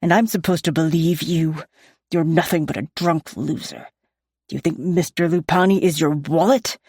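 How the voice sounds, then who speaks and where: A woman voicing a threatening male enforcer who speaks slowly and deliberately. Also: deep voice, a little mellow, slightly rough, dry recording, studio quality. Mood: menacing. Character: menacing male loan-shark enforcer with gun.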